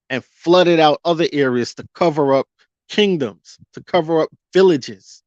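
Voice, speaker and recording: A man's voice: a little high, no room sound. Fiery ranting male vlogger, lo-fi. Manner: fiery, rhetorical questions, drawn-out emphasis. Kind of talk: ranting commentary monologue. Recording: dull lo-fi dry audio.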